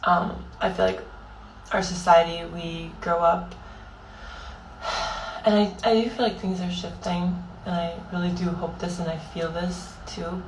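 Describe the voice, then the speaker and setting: Tearful young woman, slow and halting. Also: fairly low pitch, steady tone, echoey room, recorded from a distance, slight background noise, poor audio. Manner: halting and raw, heavy swearing, many fillers. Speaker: vlogger. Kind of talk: emotional personal monologue.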